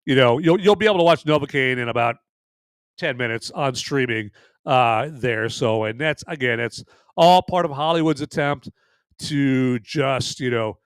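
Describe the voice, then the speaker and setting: A man's voice: mid-range voice, moderate pace, clean tone, no echo, studio quality. A man hosting a live movie podcast, chatting casually in a rambling, jokey way. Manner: rambling and jokey, tacks on "right there". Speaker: podcast host.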